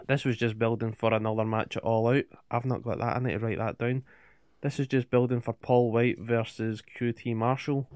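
A man rattles through a wrestling recap with a smooth, clean voice. He swears freely and tosses out rhetorical questions. The sound is dry and close. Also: medium pitch, a little mellow, dry recording. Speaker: podcast co-host. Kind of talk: casual wrestling recap chat.

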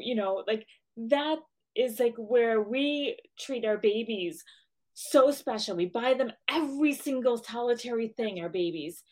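A woman's voice: fairly high pitch, unhurried, a little mellow. A woman who runs her own business, talking earnestly and emotionally as a podcast guest, with frequent restarts. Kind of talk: casual podcast chat.

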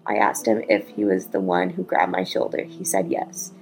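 Heavily gravelly woman reading a story. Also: rumbling low, expressive, moderate pace, low-quality recording. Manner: breaks off to react in hushed asides. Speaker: podcast host. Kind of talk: reading listener stories aloud.

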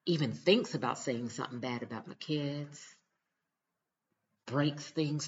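A woman's voice: rumbling low, breathy edge, muffled recording. A mother talking straight to her viewers in a casual vlog, earnest, emphatic and direct. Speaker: mother giving relationship advice.

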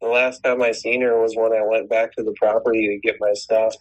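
A man's voice: fairly low pitch, little pitch movement, fairly quick, poor audio. A man telling a long personal story in casual chat, rambling and swearing, with many restarts. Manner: rambling, profane, frequent restarts.

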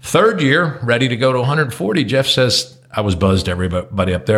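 A man's voice: medium pitch, big pitch swings, moderate pace, hardly any pauses, fairly bright tone. A middle-aged man from New Jersey co-hosting a podcast, giving blunt opinions in casual chat and swearing freely. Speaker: podcast co-host.

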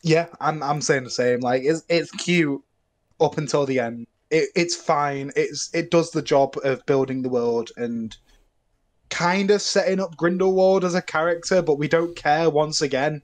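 A young man, a filmmaker guest on a podcast, rambling and animated in casual film talk, laughing often. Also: fairly high pitch, measured pace. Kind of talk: casual film review chat.

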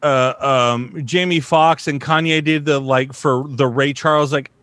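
A man's voice: on the high side, fairly even intonation, measured pace, a bit bright, no room sound. A man, a voice actor, chatting casually, rambling with lots of swearing and filler words. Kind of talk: casual chat.

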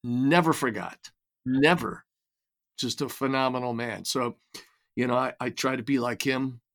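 A man's voice: medium pitch, flat delivery, normal speed, a bit bright. An older man as an interview guest, telling reflective stories in a casual way with frequent restarts and repeated words. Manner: reflective storytelling with many restarts. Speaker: guest, writer and creator.

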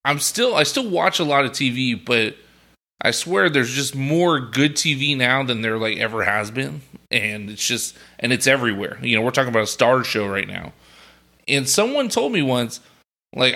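A young man co-hosting a podcast in easygoing, talkative chat. His voice is gravelly with fry, yet bright and forward. He stays at an ordinary middle pitch and rambles along comfortably. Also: expressive, moderate pace. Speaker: podcast co-host. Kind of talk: casual chat.

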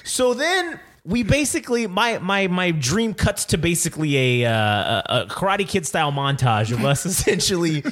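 A man's voice: sits high, sing-song, normal speed, hardly any pauses, a bit bright. A man co-hosting a podcast, rambling and swearing as he retells a wild dream to his friends in casual chat. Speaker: podcast co-host. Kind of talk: casual storytelling among friends.

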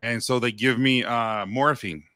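A man in his thirties co-hosting a podcast, speaking candidly and poking fun at himself. His voice is bright and forceful at a middle pitch. It is recorded dry and close. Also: a little slow, no room sound. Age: 30s. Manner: candid, self-deprecating storyteller. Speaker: podcast co-host. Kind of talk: casual storytelling chat.

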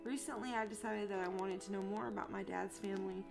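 A woman's voice: mid-range voice, fast talker, creaky, music in the background. Young woman reading a post, then ranting. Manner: swearing, animated and indignant. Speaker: podcast co-host. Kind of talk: casual podcast chat, reading a post aloud.

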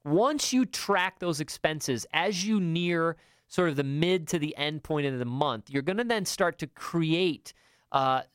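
A man's voice: fairly high pitch, animated, unhurried, smooth, dry recording, clean studio sound. A middle-aged man hosting a talk show, giving emphatic, coaching money advice with many fillers and restarts. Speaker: podcast host.

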